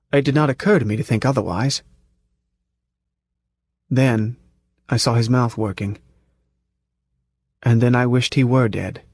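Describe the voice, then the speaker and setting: A man reading a first-person story aloud at a measured, tense pace, close to the mic. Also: mid-range voice, darkish tone, no echo. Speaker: audiobook narrator. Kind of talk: first-person audiobook narration.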